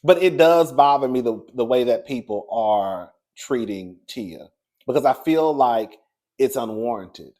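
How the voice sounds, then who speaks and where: Chatty and sassy, a man dishes casual celebrity gossip, calling his viewers "girl" and swinging from low murmurs to high excited bursts. He talks a little slowly.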